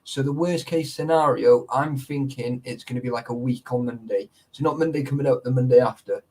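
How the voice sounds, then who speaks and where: A man's voice: medium pitch, a little fast, a little mellow, poor audio. A man hosting a casual live stream. He talks in a laddish way, swears a lot and laughs often. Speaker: livestream host.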